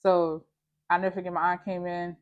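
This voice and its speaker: A woman's voice: lowish voice, level tone, fairly quick, phone-quality sound. Woman, vlogger, casual storytime, slangy, emphatic, candid. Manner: candid, slangy, emphatic, talks to viewer as "girl".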